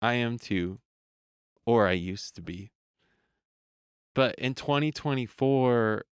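A man giving a reflective motivational talk as a voice coach, slow and measured with repeated phrases that trail off softly. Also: fairly low pitch, clean tone, no room sound, studio quality.

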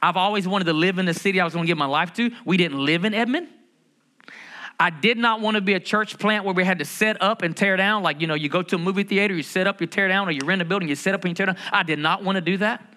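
A middle-aged pastor delivers a sermon. His voice sits high and sounds bright and forceful. He drives points home by repeating phrases and putting questions to the congregation. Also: fast talker. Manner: emphatic preaching, repeats key phrases, asks the congregation questions.

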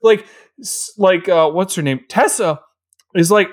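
A man's voice: high voice, unhurried. A man co-hosting a podcast, giving a casual and sarcastic movie recap. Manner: animated, sarcastic. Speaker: podcast co-host.

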